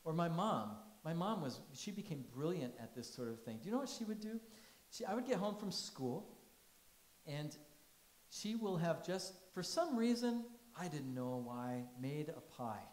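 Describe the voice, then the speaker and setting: A man's voice: fairly high pitch, animated, normal speed, darkish tone. Man preaching a sermon in an echoey church. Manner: conversational, storytelling, asks the congregation questions. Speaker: pastor.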